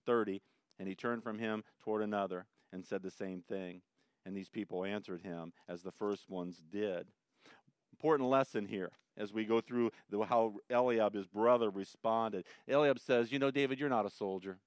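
A man preaching a sermon with a smooth, resonant voice, working through the text verse by verse. He moves from calm explanation to emphatic, rising bursts. The sound is dry and close, with no room echo. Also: fairly low pitch, normal speed. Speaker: pastor.

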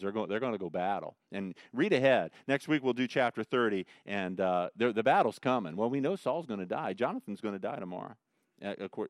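A middle-aged male pastor preaching a sermon and reading scripture, swinging between hushed repetition and loud, emphatic points. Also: on the low side, no echo, studio quality. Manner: repeats phrases for emphasis.

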